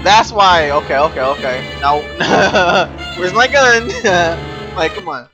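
A man's voice: high voice, takes it slowly, over music. A young man hosting a let's play, joking and incredulous, laughing often and using slang. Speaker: gaming video host.

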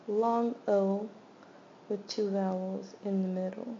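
Slow, gravelly-voiced woman teaching phonics. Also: medium pitch, steady tone, mellow. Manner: slow, deliberate sounding-out of each word. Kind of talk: phonics word sort lesson. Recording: slightly muffled with faint background hiss.

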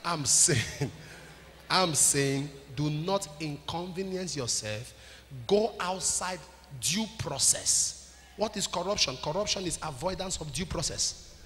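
Pastor preaching with a bright, high voice. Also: male voice, lively intonation, slow pace. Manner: preaching to a congregation, urging listeners to repeat after him. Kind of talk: sermon. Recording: long hall reverb with faint ambient noise.

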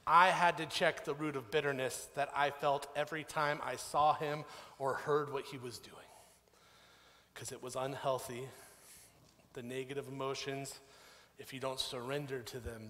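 A man in his thirties preaches in a church sanctuary, his mid-range voice carrying a long hall reverb. He tells stories in a lively, conversational way, building up and then dropping into quieter, earnest moments. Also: medium pitch, a little slow. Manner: storytelling, animated, conversational preaching. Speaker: pastor. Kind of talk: sermon.

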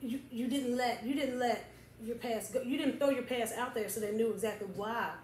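A woman's voice: on the high side, normal speed, a little mellow. A woman co-hosting a casual talk show, speaking supportively and reassuringly to her friend. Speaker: co-host. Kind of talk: casual chat. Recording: echoey room, faint noise.

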